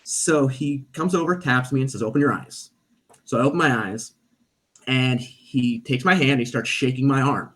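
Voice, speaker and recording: As a guest on a podcast, a man who performs on stage recounts a story in casual conversation, animatedly imitating the people he quotes. His mid-range voice moves at normal speed.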